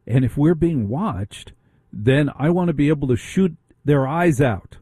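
A man's voice: on the high side, lively intonation, unhurried, warm tone, husky, no echo. A middle-aged man hosting a talk radio show, ranting with indignant rhetorical questions. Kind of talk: opinionated talk radio monologue.

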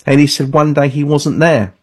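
A man's voice: on the high side, normal speed, a little mellow, breathy edge. A man, an author guesting on a call-in radio show, telling stories in an earnest, anecdotal way.

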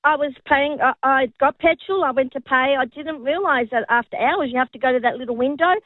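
A woman's voice: high-pitched, fairly quick, no room sound. A woman calling into a radio show, telling a story in a sheepish, tumbling way over the phone. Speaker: caller. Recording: tinny phone line.

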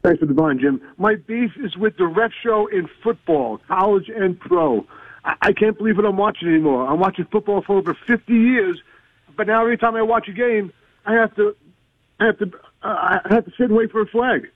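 A man's voice: sits high, brisk, no echo. A man in his sixties calling a sports radio show, griping in an exasperated way and stammering over repeated words. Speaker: caller. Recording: tinny dry phone line.

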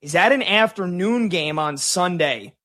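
A man with a high, bright, forceful voice talks sports live on a show. He jumps in with score updates, gets excited, and works through his thoughts out loud with quick restarts. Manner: excitable, thinks aloud in restarts. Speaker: sports talk show co-host.

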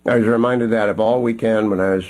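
A man hosting a radio talk show, speaking in a measured, emphatic way with occasional fillers. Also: fairly low pitch, steady tone, darkish tone.

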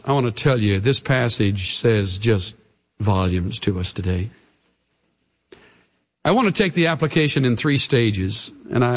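Man preaching slow and earnest, middle-aged pastor, voice climbs high then drops way down. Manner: earnest, pleading, swings from loud highs to low hushed lows. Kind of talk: sermon.

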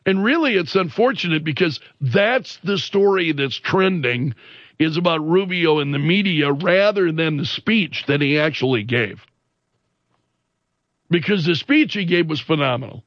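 A man with a notably high voice talks through the news at an unhurried pace, filling the gaps with ums and restarts as he piles on disbelief. The sound is dry and a little dull, with no room around it. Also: dry recording. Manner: animated, incredulous retelling with frequent fillers and restarts. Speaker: commentary show host. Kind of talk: casual news commentary.

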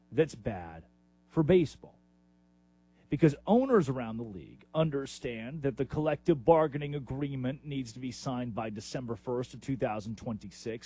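A man's voice: medium pitch, slightly rough. A man hosting a sports talk radio show, delivering an opinionated, emphatic monologue. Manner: animated, opinionated, emphatic with sudden rises.

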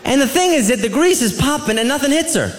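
A man doing a stand-up comedy routine, animated and laughing as he acts out his family members. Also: extremely high pitch, fast talker. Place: comedy club stage. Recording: live club with audience laughter and crowd noise.

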